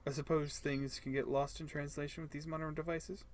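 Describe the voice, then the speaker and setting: A man's voice: on the high side, little pitch movement, a little fast, slight background noise, lightly acted. A man doing a curt, grumpy homeowner. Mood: gruff, curt. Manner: curt, dismissive. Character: grumpy stubborn middle-aged man, new homeowner.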